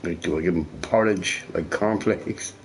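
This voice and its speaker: A man with a somewhat low voice chats loosely while he plays a game. He rambles, laughs at his own stories and fills his talk with "you know" and "right". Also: moderate pace, a little hiss or hum. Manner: rambling, laughing, fond of filler words. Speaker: gamer. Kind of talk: rambling casual chat while playing a game.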